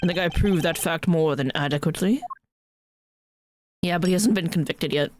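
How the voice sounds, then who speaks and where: A woman's voice: on the low side, normal speed, darkish tone, close to an everyday voice. A woman voicing a smug, scheming older man who mocks and taunts in a theatrical way. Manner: oily, mocking, theatrical. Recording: stream with game music behind.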